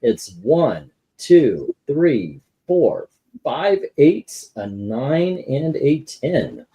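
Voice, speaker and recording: A man's voice: mid-range voice, very animated, drawn-out words, breathy edge, dull audio. A man hosting a casual panel that ranks comic covers. He reads out viewer scores and rambles through his counting with lots of fillers. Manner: rambling, many fillers while counting aloud.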